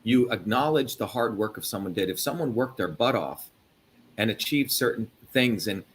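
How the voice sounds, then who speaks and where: A man from India hosting a live interview, talking emphatically and profanely with loud swings of pitch. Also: animated, normal speed, a little hiss or hum. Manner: emphatic, profane, mocking put-on voices. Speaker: host.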